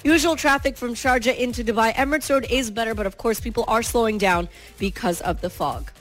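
A co-host reading the traffic on a morning radio show. The delivery is brisk and matter-of-fact. The voice sits at a middle pitch. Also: fairly bright tone, soft background music.

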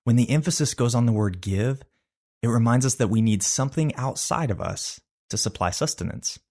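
A man's voice: medium pitch, animated, moderate pace, a little mellow. A man hosting a devotional Bible study, talking in an earnest, reflective and conversational way.

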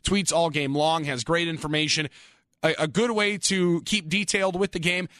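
A man hosting a sports radio postgame show, chatting smoothly and upbeat with a reporter. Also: fairly high pitch, steady tone, normal speed, a bit bright, dry recording. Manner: smooth, upbeat broadcaster delivery.

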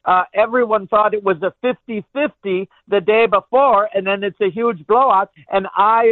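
Male caller, high voice, deadpan satire, tinny phone line. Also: no echo. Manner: deadpan satirical joking, halting with many fillers. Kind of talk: call-in talk radio.

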